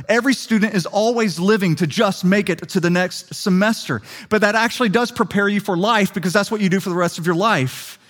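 A young adult man preaching a sermon, telling a story with lively quick asides. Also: high-pitched. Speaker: pastor.

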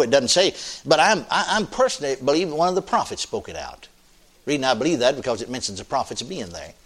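An older man preaching a sermon in a folksy, animated way, often laughing with his congregation. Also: mid-range voice.

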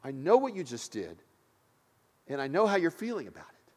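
A preacher voicing a gentle, loving teacher. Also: male voice, on the high side, wildly swooping pitch. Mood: tender. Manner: gentle, slow and tender. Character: loving, reassuring male teacher speaking to a friend. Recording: long hall reverb.

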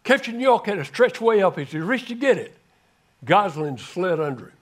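An older man preaching a sermon, telling a story dramatically and swinging from loud calls to hushed words. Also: high-pitched, sing-song, moderate pace. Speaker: guest preacher.

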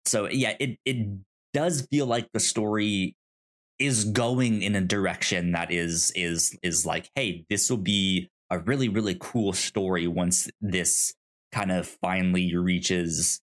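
A man's voice: deep voice, steady tone, slow pace, fairly bright tone. Hesitant man chatting casually. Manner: hesitant, with many restarts and fillers. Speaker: podcast co-host. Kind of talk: casual book-club chat.

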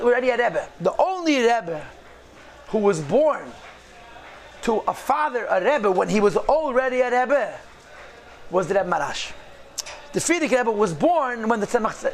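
High gravelly-voiced man telling a story. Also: moderate pace, long pauses. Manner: lively storyteller, mixes Yiddish phrases. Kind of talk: storytelling talk.

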